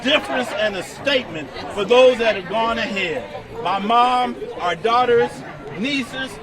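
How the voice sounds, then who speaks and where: A man's voice: extremely high pitch, unhurried, recorded from a distance. An enthusiastic man speaking heartfelt words as a participant in a charity walk outdoors. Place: outdoor street among a walking crowd. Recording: off-mic in a loud crowd.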